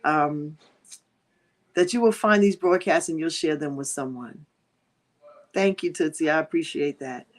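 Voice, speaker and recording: Middle-aged woman host, grieving and near tears; earnest, prayerful direct address to viewers, lower pitch. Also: a little slow, pauses often. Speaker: livestream host. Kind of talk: heartfelt livestream talk.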